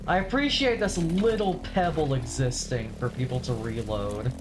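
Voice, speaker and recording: A woman's voice: a bass voice, moderate pace, hardly any pauses, background noise. A woman giving casual gameplay commentary as a streamer, swearing and making sarcastic asides between frustrated outbursts. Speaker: gaming streamer.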